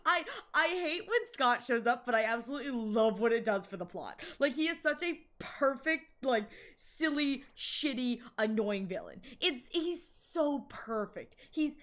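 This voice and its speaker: Giggly excitable young woman streamer. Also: a little high, unhurried, few pauses. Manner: excitable, giggly, swears freely. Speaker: game streamer. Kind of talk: casual game-stream chat.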